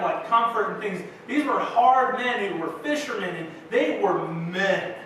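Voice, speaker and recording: A man's voice: very high voice, a bit bright. A young man preaching a sermon as pastor, telling casual, self-deprecating stories to his congregation in a church. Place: church sanctuary. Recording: echoey church hall from far off with faint noise.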